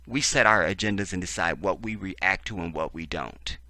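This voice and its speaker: A man's voice: sits low, normal speed, pushed and bright, no room sound. A man hosting a profane, sarcastic political commentary, reading text aloud and breaking in with heated reactions. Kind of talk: ranting video commentary.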